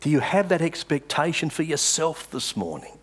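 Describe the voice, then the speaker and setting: A male pastor preaching a sermon, reading scripture with dramatic pauses and stressed words. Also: a little high, very animated, a bit bright, slightly rough.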